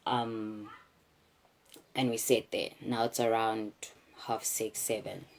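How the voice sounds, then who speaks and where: This South African vlogger speaks slowly in an extremely low, husky voice with fairly even intonation. She's a young woman frankly recounting a personal ordeal, emotional and frequently starting over. There's slight background noise.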